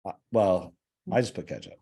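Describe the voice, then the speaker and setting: A man's voice: deep voice, animated, brisk, mellow, breathy edge. A man from Texas hosting a podcast, chatting casually with a joking, rambling manner. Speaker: podcast host. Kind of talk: casual chat.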